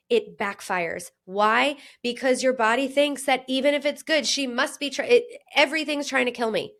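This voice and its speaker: Woman health coach in her thirties, slightly high voice, earnest, laughs a lot, slips into playful inner voices. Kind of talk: solo podcast monologue.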